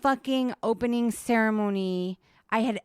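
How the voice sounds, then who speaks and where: A chatty woman on a home podcast, spinning a story with lots of "like" and the odd curse word. Her voice sits fairly high and sounds smooth and clear. The recording is close and dry, with no room sound. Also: normal speed, no echo. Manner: animated storyteller, swears freely, lots of "like". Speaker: podcast co-host. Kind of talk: casual chat.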